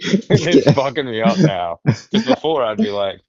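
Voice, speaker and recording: Lively, crude-joking man. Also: medium pitch, normal speed, dull audio, over a noisy crowd. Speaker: podcast co-host. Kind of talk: casual comedic chat.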